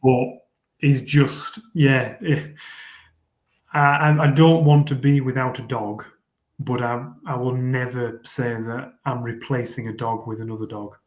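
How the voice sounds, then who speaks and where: A man gives a casual interview, speaking in an earnest, rambling way and often doubling his words as he gathers his thoughts. His voice sits at an ordinary pitch for a man. A roomy echo hangs around the recording. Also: fairly even intonation, unhurried, darkish tone. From England. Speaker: guest, fell runner.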